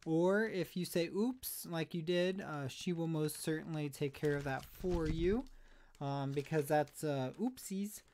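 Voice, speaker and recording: A man's voice: fairly high pitch, a little slow, a little mellow, a little hiss or hum. Breathless, chatty man streaming. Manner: chatty, rambling, self-deprecating, sometimes breathless. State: slightly out of breath. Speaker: thrift reseller streamer. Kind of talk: casual live stream chat.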